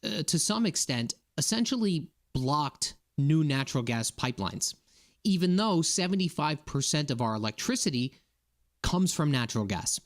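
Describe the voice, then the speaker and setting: An indignant man with a slightly higher voice rants casually to his viewers. He keeps checking in with "okay?" and "right?" as he talks. He is from Massachusetts. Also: big pitch swings, normal speed. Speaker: political commentator. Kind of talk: casual political rant to viewers.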